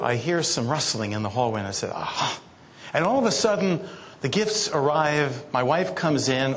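A man's voice: on the high side, slight background noise. A man giving a keynote talk at a conference, telling stories from his life in a playful, teasing way. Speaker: keynote speaker. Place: conference hall.

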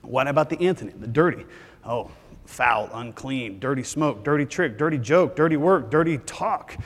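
A man's voice: mid-range voice, moderate pace. A man from Texas, giving a joking, conversational conference lecture as a physician assistant. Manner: joking, conversational, lively delivery. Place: large conference hall. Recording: hall reverb.

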